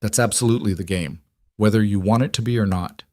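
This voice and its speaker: A man voicing a female colonel, crisp, controlled and commanding, with his own fairly low voice. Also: quick pace, darkish tone, close to an everyday voice. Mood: cool commanding. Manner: cool, clipped, controlled.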